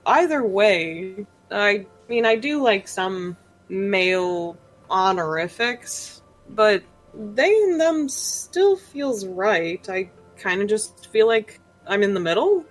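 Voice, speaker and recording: A woman's voice: mid-range voice, big pitch swings, slow pace, soft background music, poor audio. A woman playing a tabletop game, narrating her character casually and laughing often. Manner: laughs often, rambling with fillers. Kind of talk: casual role-play narration.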